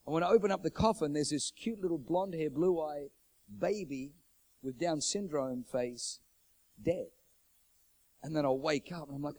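A middle-aged pastor from New Zealand tells stories from the pulpit with lots of animation, speaking at a moderate pace. His voice is a little high for a man and a little mellow, and his pitch jumps around as he acts out the voices of people he quotes.

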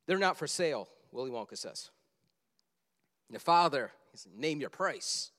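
A man's voice: medium pitch, expressive, normal speed, a bit bright. A man preaching a sermon, telling stories animatedly and acting out scenes from a film. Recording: long hall reverb.

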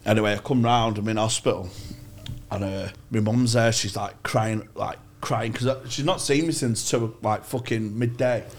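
A man's voice: fairly low pitch, steady tone, normal speed, a little hiss or hum. A man, telling rambling, sweary anecdotes on a podcast. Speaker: podcast co-host. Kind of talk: casual storytelling chat.

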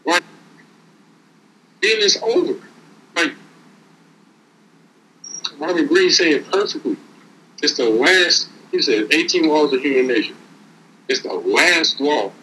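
A man talks in a casual, preachy, streetwise way, stacking repeated words as he drives home a lesson. His voice sits a bit high and rings bright and forward. A faint hiss runs underneath. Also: expressive, slow, long pauses, low-quality recording. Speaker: podcast co-host. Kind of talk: casual motivational talk.

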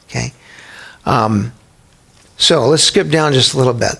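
A man preaching a sermon in a conversational, animated way, acting out quotes and prayers as he teaches. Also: mid-range voice, measured pace, creaky, pauses often, husky. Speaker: pastor.

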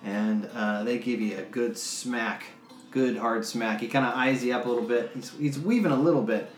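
A man running a tabletop game as game master, describing the scene in a relaxed, loose way and laughing often. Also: medium pitch, normal speed. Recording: roomy echo, faint music behind.

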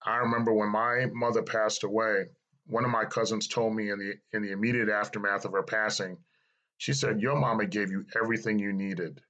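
Man, middle-aged, lowish voice, earnest, reflective, personal testimony, repeats phrases for emphasis. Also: steady tone, fairly quick, fairly bright tone, poor audio. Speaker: speaker sharing his life story.

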